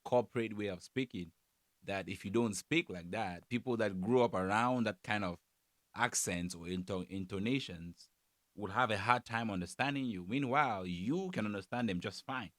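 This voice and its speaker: A man's voice: lowish voice, normal speed, dry recording, clean studio sound. A man from Cameroon with a Cameroonian English accent, chatting casually as he reacts to a comedy clip. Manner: relaxed, chatty, frequent fillers. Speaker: YouTube reactor.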